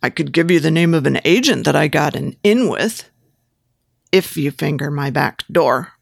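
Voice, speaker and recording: A woman's voice: sits low, expressive, moderate pace, gravelly, no room sound, studio quality, exaggerated voice. A woman voicing a pushy, lecherous male photographer who coaxes and gives step-by-step instructions in an erotic audiobook. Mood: bossy. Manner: coaxing, giving step-by-step instructions.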